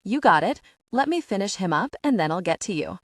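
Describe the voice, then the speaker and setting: A woman voicing a gruff, mumbling male tattoo artist with a Southern accent, in an audiobook. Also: medium pitch, big pitch swings, brisk, no room sound, studio quality. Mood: friendly.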